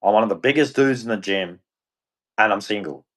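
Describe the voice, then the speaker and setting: A man's voice: on the low side, a little fast, a bit bright. A man hosting a livestream, ranting in a rambling, frustrated and heartfelt way. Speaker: livestream host. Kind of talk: casual ranting monologue.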